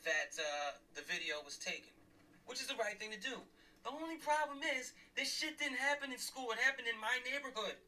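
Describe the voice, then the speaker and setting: A man's voice: high-pitched, pushed and bright, distant mic, poor audio. A middle-aged man, a father and former police officer, ranting angrily and bluntly while driving, swearing and repeating himself for emphasis. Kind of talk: heated livestream rant. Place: in a car, driving.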